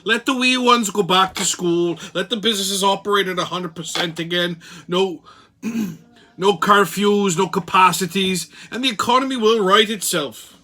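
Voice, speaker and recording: A man's voice: sits high, normal speed, bright, forceful tone, pitched above the performer's own voice. A man doing a whimsical Irish accent as a profane, ranting political pundit. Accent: put-on Irish. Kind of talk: political commentary rant.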